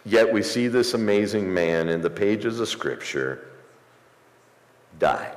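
A man preaching a sermon as pastor, rising into emphatic swells and slowing for pauses. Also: fairly low pitch, expressive. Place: church sanctuary. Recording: echoey church hall, some distance.

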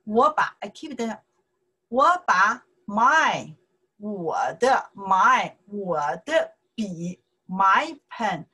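Slow husky woman teaching Chinese. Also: mid-range voice, big pitch swings, pushed and bright, rough recording. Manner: slow, repeats words, says okay often. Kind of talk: informal language lesson.

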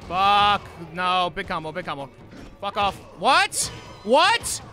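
High, bright-voiced man yelling at a game. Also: huge pitch swings, slow, soft background music. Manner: loud, frustrated, swearing, shouting at the game. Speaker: streamer. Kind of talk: live gameplay commentary.

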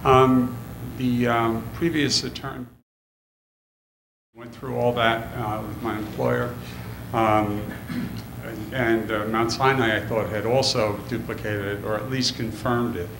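A man in the audience of a public forum, asking a question haltingly with many pauses and fillers, emotional. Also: medium pitch, level tone, vocal fry. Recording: echoey hall, audible room noise.

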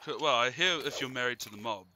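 A man's voice: mid-range voice, fast, pushed and bright, low-quality recording. A man with a New Zealand accent hosting a gaming channel, chatting casually and laughing often while he plays. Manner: giggly, jokey, laughs often. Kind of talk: casual chat while playing a game.

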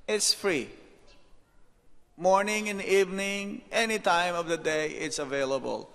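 A man, a monk, giving an unhurried devotional lecture, telling anecdotes and dropping rhetorical "hmm?" asides. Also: high voice, pushed and bright. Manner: storytelling, reads out anecdotes. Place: temple hall. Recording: echoey hall reverb.

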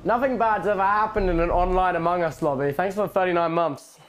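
A man casually chatting while streaming VR games, excitable and rambling, swearing a lot, on a headset mic. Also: high voice, fast talker, a little hiss or hum. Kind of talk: casual gaming stream chat.

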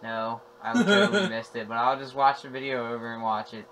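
A young man casually commentating a video game with a friend, profane and joking, mock-shouting at the screen. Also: medium pitch, animated, a little fast, a crowd in the background, rough recording. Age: young adult. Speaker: gameplay commentator. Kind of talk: casual let's play chat. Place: friend's room.

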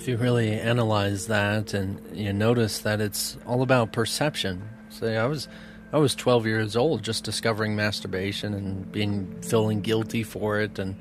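A man giving an earnest, emotional spiritual talk, often laughing softly between thoughts. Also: on the low side, fairly even intonation, normal speed. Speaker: spiritual teacher. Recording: music bed under voice.

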